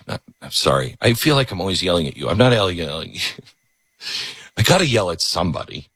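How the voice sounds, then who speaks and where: A talk radio host, a man, rants with biting sarcasm and slips into mocking voices. His voice is husky yet forceful, and it swings widely in pitch. The studio sound is dry and close. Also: brisk, no room sound. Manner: animated, sarcastic, mocks others in put-on voices. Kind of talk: ranting political monologue. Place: broadcast studio. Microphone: studio microphone.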